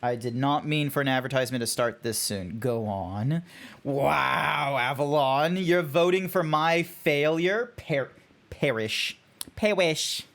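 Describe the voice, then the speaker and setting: A young Australian man giving chatty, animated commentary on a game while he talks to his stream chat. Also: mid-range voice, a little slow, creaky. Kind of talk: casual gameplay commentary.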